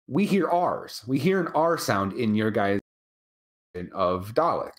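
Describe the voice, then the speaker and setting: An American man co-hosting a casual chat, rambling and halting with many restarts. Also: medium pitch, very animated. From United States. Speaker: co-host.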